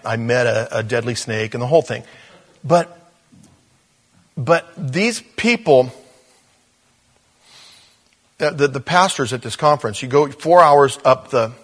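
A male pastor telling a story in a sermon, animated, with stumbles and restarts. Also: medium pitch.

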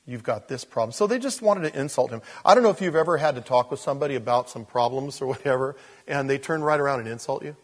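A man, a pastor, preaching an expository sermon, swinging from loud emphasis to quiet asides. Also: medium pitch, animated, fast talker.

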